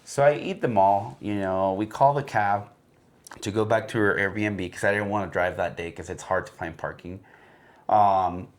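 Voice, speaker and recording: A man's voice: lowish voice, normal speed. A man and podcast co-host telling a casual anecdote, rambling with lots of fillers. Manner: rambling storyteller with many fillers.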